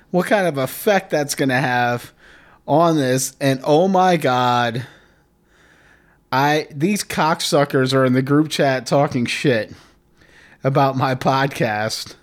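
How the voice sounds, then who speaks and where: A man's voice: mid-range voice, slow pace. A man hosting a solo comedy podcast, rambling and swearing, drifting nearer and farther from the mic. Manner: profane, rambling, animated; moves closer to and away from the mic. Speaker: podcast host.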